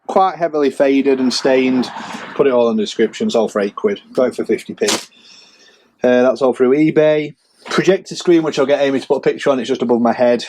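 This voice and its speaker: A man's voice: mid-range voice, noisy background. A man giving a casual, rambling sales update as a reseller vlogger, chatty and self-mocking. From England.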